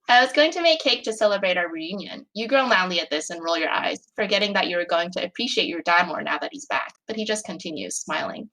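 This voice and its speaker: A woman reads her fan fiction aloud to friends on a call, in a casual, chatty way with fillers and quick laughs. The sound is plain, from a home computer mic. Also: medium pitch, bright, forceful tone, low-quality recording. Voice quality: chatty, many fillers, laughs between phrases. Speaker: fanfic author reading her story.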